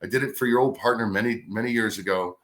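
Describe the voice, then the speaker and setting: A middle-aged man, a radio host, telling a career story in a casual, animated way. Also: lowish voice, fast talker. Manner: animated anecdote telling with acted-out quotes. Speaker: radio host, podcast guest.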